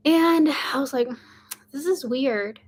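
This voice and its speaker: A woman's voice: high voice, slow, a little mellow. A young woman, casually telling a story to camera, full of "like" and "um". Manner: chatty, many fillers like "like" and "um". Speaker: vlogger.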